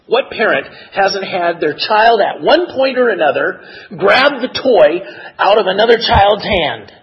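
A man preaching a sermon in an expressive, measured way that builds to emotional emphasis. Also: sits high, slightly rough, dull audio. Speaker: pastor.

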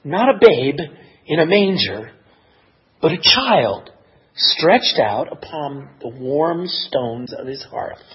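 A man preaching a sermon in an expressive, measured way that builds to emotional emphasis. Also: a little high, husky, lo-fi sound. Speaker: pastor.

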